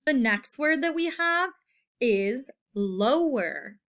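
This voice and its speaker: A woman teacher giving a recorded phonics lesson to children, slowly drawing out each word for them to hear. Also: high voice, lively intonation, a bit bright. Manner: slow, patient, drawn-out word modeling.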